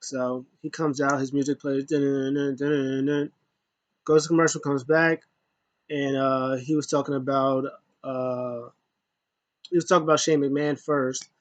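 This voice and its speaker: A man's voice: mid-range voice, fairly even intonation, normal speed, no echo. A man giving a loose, rambling casual recap as a wrestling show reviewer, full of asides.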